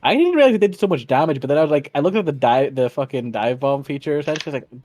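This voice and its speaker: A man's voice: on the high side, expressive, very fast, hardly any pauses, darkish tone, faint music behind. A man playing in a tabletop game, rambling with frequent laughs and restarts. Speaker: player. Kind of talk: casual tabletop game chat.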